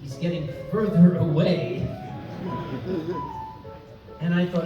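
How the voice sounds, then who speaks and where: A man's voice: a little high, fairly even intonation, takes it slowly, pauses often. A man telling a comic story live on a convention stage, chatty, self-mocking and prone to digressions. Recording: echoey hall, mic from far off, music. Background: soft instrumental music.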